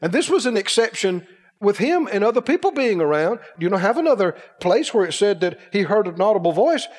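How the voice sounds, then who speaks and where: A man preaches with a high, lively voice that swoops up and down, asking questions and acting out the people he quotes. The sermon rings with long hall reverb. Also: brisk. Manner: animated, acts out quoted voices, rhetorical questions.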